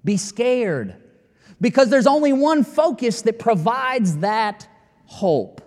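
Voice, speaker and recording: A man preaching a sermon as pastor, emphatic and building to near-shouting, with long dramatic pauses. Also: very high voice, big pitch swings. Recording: long reverb of a large hall.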